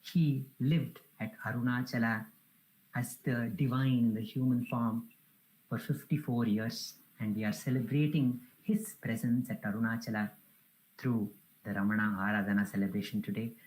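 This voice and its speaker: A woman's voice: rumbling low, steady tone, normal speed, a little mellow, poor audio. A woman giving a devotional talk, telling a parable in an earnest, reverent way. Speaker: spiritual speaker.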